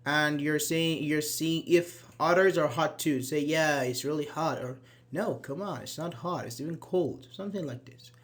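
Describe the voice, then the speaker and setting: Teaching grammar, this English teacher speaks at a moderate pace in a voice on the high side. He's patient in his explanations, performs example sentences, and drops in many "uh-huh"s.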